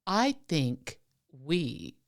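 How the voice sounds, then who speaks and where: A woman co-hosting a podcast in playful casual chat, laughing often and pitching whimsical ideas. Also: sing-song, drawn-out words. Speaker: podcast co-host.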